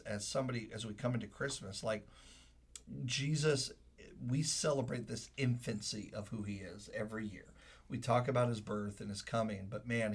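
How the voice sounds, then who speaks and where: A man's voice: mid-range voice, slightly rough. A man in his thirties, a pastor co-hosting a podcast, talking earnestly and emotionally with many fillers. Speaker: pastor, co-host. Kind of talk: casual podcast talk, preaching.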